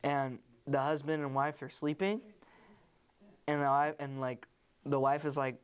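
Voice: mid-range voice, fairly even intonation, a little slow, smooth. Young host, casual and rambling, stops and restarts a lot; podcast chat voice. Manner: rambling, many fillers and restarts. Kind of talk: casual chat, retelling a movie.

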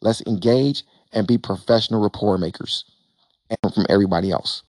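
Emphatic man giving a lively stage talk. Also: lowish voice, brisk, no echo. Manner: emphatic and animated, with repeated phrases and acted-out dialogue. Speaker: real estate investor speaking on a panel. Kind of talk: motivational stage talk to an audience.

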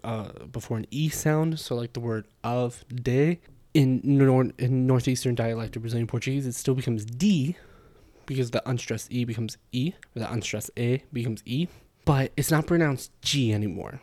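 A man talks through his ideas on a solo podcast in a mellow, warm voice. He explains things casually and loosely, with plenty of fillers and little asides. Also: medium pitch. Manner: chatty and explanatory, with frequent fillers. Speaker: podcast host. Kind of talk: casual spoken podcast monologue.

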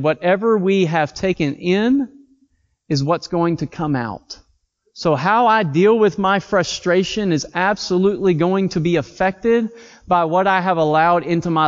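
High-voiced preacher in a reverberant hall. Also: male voice. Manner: earnest, conversational preaching with scripture readings. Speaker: pastor. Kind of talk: sermon. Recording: dull audio with long hall reverb.

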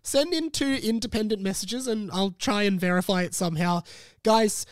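A man's voice: sits high, normal speed, no echo. A man hosting a casual solo podcast, talking with a sore throat from being sick, playful and rambling. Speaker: podcast host.

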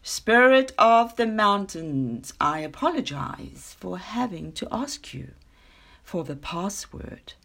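Pompous storybook lion, male, self-important, done by a woman narrator, breathy and unhurried. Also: medium pitch, very animated, a bit bright, exaggerated voice. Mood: haughty. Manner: pompous, slow and grand. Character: proud haughty male lion, king of animals. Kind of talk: storybook reading.

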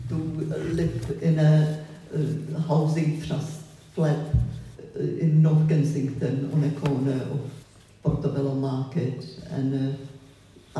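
An older woman with a foreign accent speaks slowly and reflectively as a guest in a public gallery conversation. Her voice is very dark and mellow. It carries from a distance through a strongly echoing hall. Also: deep voice, a little hiss or hum. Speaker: photographer, guest. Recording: echoey hall, voice from far off.

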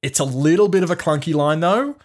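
A man co-hosting a casual film review podcast, animated, swearing and laughing as he mimics lines. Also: on the high side, fairly quick. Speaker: podcast co-host.

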